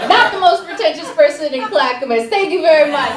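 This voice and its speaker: A woman's voice: sits high, lively intonation, brisk, few pauses, a loud crowd, very noisy. A woman doing a stand-up set, chatty and self-mocking, acting out other people in quotes. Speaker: stand-up comedy student. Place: comedy theater stage. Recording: echoey theater from far off.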